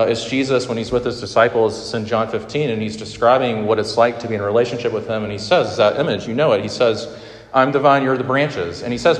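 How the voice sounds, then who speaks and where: Pastor, man, 30s, earnest sermon delivery with soft trailing emphasis, long hall reverb. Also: mid-range voice. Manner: earnest, drops to soft emphatic lines at phrase ends. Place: large hall with audience. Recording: echoey hall sound, roomy reverb.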